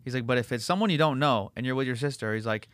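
A fast-talking man hosts a casual podcast chat. He rambles through stories full of curses and fillers. His voice sounds dry and close, with no room sound. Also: mid-range voice, a bit bright, dry recording. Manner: profane, rambling storyteller with many fillers. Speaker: podcast host.

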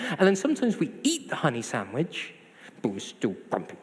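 A man's voice: fairly high pitch, wildly swooping pitch, brisk. A man preaching a sermon, conversational with self-deprecating humor. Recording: hall reverb.

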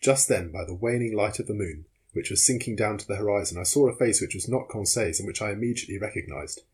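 Husky low-voiced male audiobook narrator. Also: quick pace, darkish tone. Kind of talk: audiobook reading of a classic novel.

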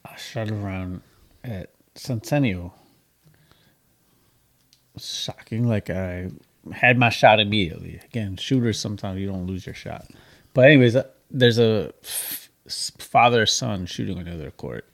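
Low-voiced man telling a story. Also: unhurried, gravelly. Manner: animated storytelling, mimics people. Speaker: podcast co-host. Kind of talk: casual chat.

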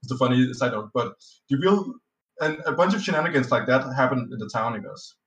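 Expressive and brisk, with a mid-range, fairly bright voice, a man whose first language is Danish tells a rambling tabletop game anecdote on a podcast. It's a casual storytelling chat heavy with fillers, restarts and swearing. A roomy echo suggests he's slightly off-mic.

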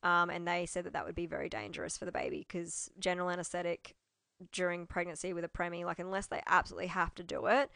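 Chatty Australian woman, low dry voice. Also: quick pace, vocal fry, clean tone, dry recording. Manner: chatty, animated retelling with quoted dialogue. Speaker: mother telling her birth story. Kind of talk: casual storytelling.

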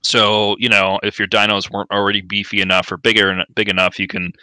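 A man with a low, bright voice explains card picks in a halting way, with many fillers and repeated words. The sound is very dry and close. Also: flat delivery, dry recording. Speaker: podcast co-host. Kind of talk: casual card game discussion.

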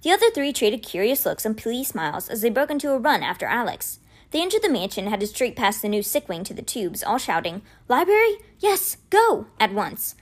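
A woman reading a children's novel aloud as an expressive storyteller. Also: on the high side, brisk. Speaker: reader.

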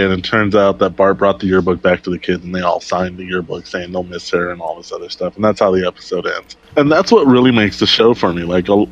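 Deep-voiced man, rambling episode recap. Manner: rambling storyteller, quotes lines in character. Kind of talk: casual chat, retelling a TV episode. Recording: dull lo-fi recording.

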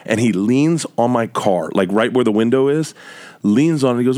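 A middle-aged man telling a loud, animated story as a guest on a comedy podcast and acting out the voices in it. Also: mid-range voice, brisk.

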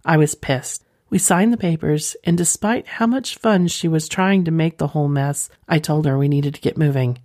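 A woman's voice: sits low, normal speed, few pauses, a little mellow, dry recording, studio quality. A woman podcast host reading a listener's letter aloud and chatting playfully with her audience in rambling asides.

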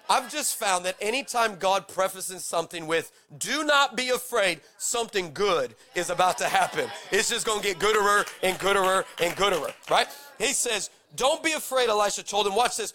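Male pastor, sermon, high voice, bright tone, animated jokey delivery. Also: fairly quick. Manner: animated, jokey preaching with dramatic scripture reading.

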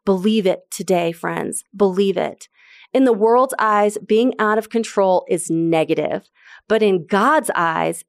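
A woman's voice: fairly low pitch, no echo, clean studio sound. A woman preaching a sermon to her church, earnest and emphatic, repeating phrases for stress. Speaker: pastor.

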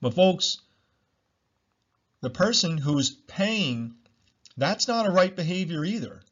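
A man's voice: high voice, lively intonation, slow, a bit bright, lo-fi sound. A man hosting a solo podcast, talking bluntly, repeating himself and swearing freely. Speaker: podcast host.

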